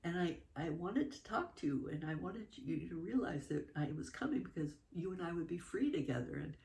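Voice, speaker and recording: An earnest little girl of two or three speaks in a raised, high voice, as a woman puts her on. She explains herself patiently and seriously, with a slight gravelly edge. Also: lively intonation, a little fast, a little mellow.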